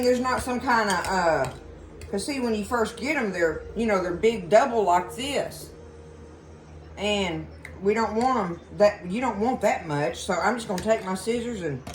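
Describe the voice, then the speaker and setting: A woman with a Southern drawl chats her way through a home cooking demonstration, calling her viewers y'all. Her voice sits in an ordinary middle range. Kitchen noise and a sizzling pan come through clearly behind her. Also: medium pitch. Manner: folksy, chatty, addresses viewers as y'all. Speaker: cooking show host.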